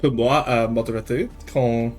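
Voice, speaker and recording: A young streamer from Quebec chats casually with viewers on a livestream, speaking at a measured pace in a mid-range voice over faint background music. He's animated, switches into French, and answers questions while swearing and laughing freely.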